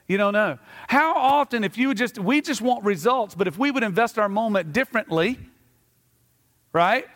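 A middle-aged man, a pastor, preaching a sermon and telling a story with animated, acted-out asides. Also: high-pitched. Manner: animated storytelling, acting out scenes. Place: church sanctuary. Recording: reverberant church sanctuary.

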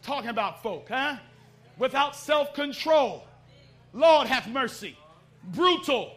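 A man's voice: extremely high pitch, expressive, takes it slowly, a bit bright. A middle-aged man preaching a sermon fervently, calling out for responses from the congregation.

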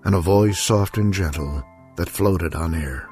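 A man narrating a rhyming storybook poem in a measured, sing-song way. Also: deep voice, dark tone, soft background music.

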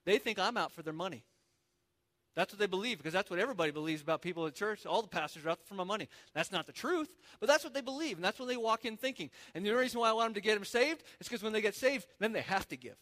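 Bright-voiced animated male pastor. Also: sits high, rapid-fire. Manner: animated, conversational preaching with acted-out asides. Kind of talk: sermon.

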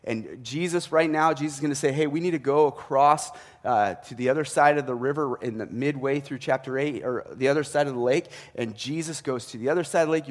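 A man's voice: mid-range voice, in a large hall. A man preaching a sermon as a pastor, in a conversational way with asides and self-corrections.

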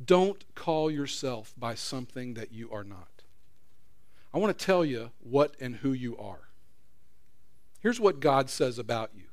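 A middle-aged man preaching a sermon as pastor, an earnest storyteller who swings from loud emphasis to quiet prayer. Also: medium pitch, expressive, unhurried, long pauses.

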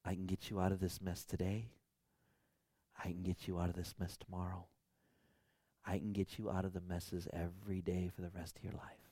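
A man voicing God in a sermon, speaking to a prophet in a hushed, soft, slow voice. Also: sits low, little pitch movement, no echo, studio quality, voice pushed down. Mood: gentle hush. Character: gentle calming male God, still small voice.

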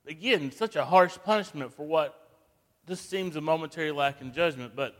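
A man preaching a sermon, swinging from hushed, slow passages to loud, emphatic bursts. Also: a little high. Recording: long reverb of a large hall.

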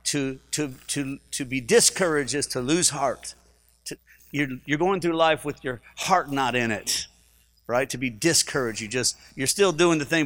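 A man's voice: fairly high pitch, fairly bright tone, rough recording. A man, a pastor, preaching a sermon in a conversational, joking way and asking the congregation questions.

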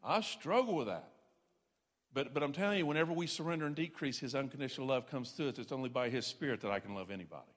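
This pastor talks fast at a medium pitch and sounds expressive as he preaches. His sermon is homespun and self-mocking, with points hammered through repetition, all echoing in the long reverb of a big hall.

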